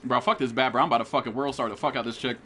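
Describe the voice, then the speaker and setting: Hyped, bright-voiced American gamer guy. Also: medium pitch, fairly even intonation, racing, slight background noise. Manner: profane, hyped trash talk. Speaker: game streamer. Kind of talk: live gameplay commentary.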